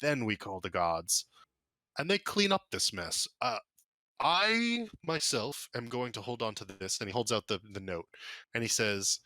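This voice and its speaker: A man's voice: medium pitch, sing-song, unhurried, pushed and bright, no room sound. A man narrating as game master of a tabletop game, loose and full of fillers.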